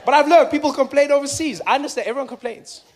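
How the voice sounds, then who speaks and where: Male stand-up, South African accent, fairly high voice, playful. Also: quick pace, slight background noise. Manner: conversational, playful, acts out voices. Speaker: stand-up comedian. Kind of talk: stand-up routine.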